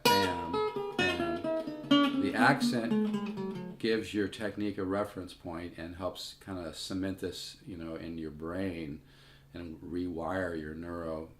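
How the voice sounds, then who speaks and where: Older guy with a really low voice teaching guitar, rambly, guitar playing loud behind him. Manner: rambling, conversational, with frequent asides. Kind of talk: casual guitar lesson. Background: his own guitar playing.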